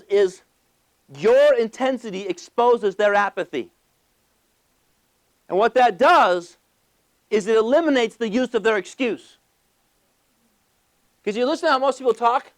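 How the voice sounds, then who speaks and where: A man giving a motivational talk to a live audience, animated, asking the crowd questions and acting out little scenes. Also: very high-pitched. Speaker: motivational speaker.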